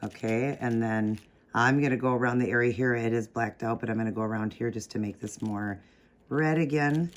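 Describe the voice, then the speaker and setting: A man's voice: mid-range voice, fairly even intonation, fairly quick. A man hosting a casual step-by-step craft tutorial, chatting while he works and correcting his own slips of the tongue.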